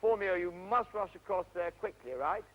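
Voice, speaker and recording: A man directing actors at an outdoor play rehearsal, stopping them briskly to correct their delivery and staging. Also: sits high, lively intonation. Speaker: drama teacher directing a rehearsal. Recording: dull, faintly noisy 1970s archive recording.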